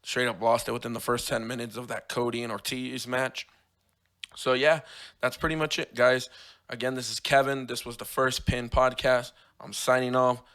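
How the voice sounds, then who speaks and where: A hoarse man talks through his solo podcast, his voice worn rough after losing it days earlier. He rambles in an easygoing way, restarting sentences and correcting himself as he goes. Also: medium pitch, flat delivery, moderate pace, a bit bright. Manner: rambling, self-correcting, fan talk. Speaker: podcast host. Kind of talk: casual solo podcast chat.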